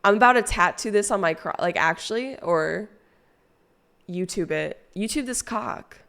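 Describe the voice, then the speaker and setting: A woman's voice: medium pitch, expressive, normal speed, gravelly, a bit bright. Casting note: woman streamer, tipsy and stoned, loose rambling chat full of swearing. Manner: swearing, chatty, rambling with fillers. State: drunk and stoned. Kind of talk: casual chat with viewers.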